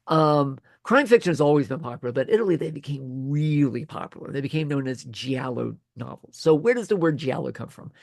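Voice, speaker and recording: A man's voice: fairly high pitch, creaky, dry recording, clean studio sound. A man giving a casual classroom lecture, chatty and often correcting himself mid-sentence. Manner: chatty, self-correcting with many restarts.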